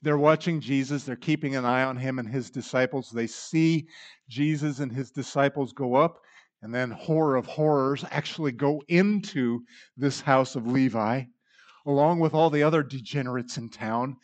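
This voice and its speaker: A man preaching a sermon, dramatic in delivery, acting out the voices he quotes and swinging from loud to hushed. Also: mid-range voice, moderate pace.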